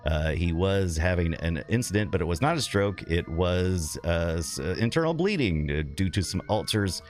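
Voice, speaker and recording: Deep-voiced rambling male streamer. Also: expressive, moderate pace. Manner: rambling, chatty, laughs often, reads chat aloud. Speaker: game streamer. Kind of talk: casual live-stream chat and game commentary.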